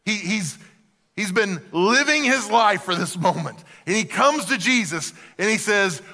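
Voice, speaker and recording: Bright-voiced preacher in a reverberant hall. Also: male voice, sits high, measured pace. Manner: animated preaching, dropping to soft emphasis. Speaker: pastor. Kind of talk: sermon.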